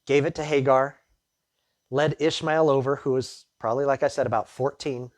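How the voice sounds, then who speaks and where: A man's voice: medium pitch, steady tone, normal speed, no echo, clean studio sound. A man preaching a sermon as pastor, reading the Bible passage and then retelling the story in plain, conversational words with his own asides.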